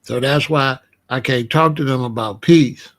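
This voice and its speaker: A man, hosting a casual monologue and telling street stories in blunt, profane language. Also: unhurried. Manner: drops to low, quiet tones when recounting danger. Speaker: commentary channel host.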